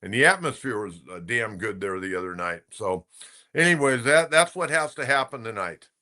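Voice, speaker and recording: Bright-voiced older sports talk host. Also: male voice, medium pitch, lively intonation, normal speed. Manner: chatty, opinionated, storytelling with many fillers. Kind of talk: casual sports talk commentary.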